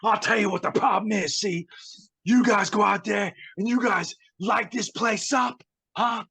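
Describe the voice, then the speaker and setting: A man imitating a loud, furious male wrestler ranting backstage, in a brash, high-pitched voice. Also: a little slow, creaky, heavily acted. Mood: angry ranting.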